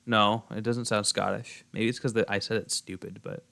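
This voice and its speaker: A man's voice: fairly low pitch, flat delivery, normal speed, creaky, bright, forceful tone. A young man streaming a game and chatting casually with viewers, rambling with lots of fillers and restarts. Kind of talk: casual chat while gaming.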